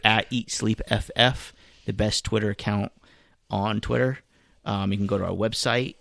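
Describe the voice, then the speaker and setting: A man's voice: lowish voice, gravelly, a bit bright, no echo. A man co-hosting a sports podcast, laid-back with dry humor in casual chat. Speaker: podcast co-host.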